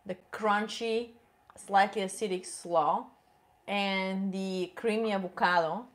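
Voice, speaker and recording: A woman tasting food on a casual home cooking livestream, describing flavors in a relaxed, unhurried way with little hums. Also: mid-range voice. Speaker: host's partner, taste tester. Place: home kitchen.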